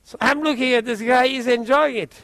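A man preaching, telling a testimony story in an animated way and often repeating his words. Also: extremely high pitch, brisk, no echo.

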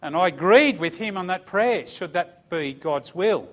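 A fervent church speaker gives a sermon testimony in a high, fairly bright voice, animated yet unhurried. His storytelling is emphatic, punctuated by calls of amen and hallelujah.

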